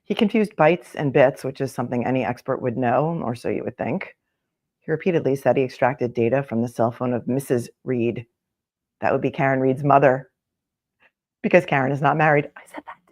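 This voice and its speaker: A woman's voice: rumbling low, fairly quick, darkish tone. Wry woman reading a column on a livestream. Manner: wry, with chatty asides between read passages. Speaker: attorney and live-stream commentator. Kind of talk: live-stream commentary, reading a column aloud.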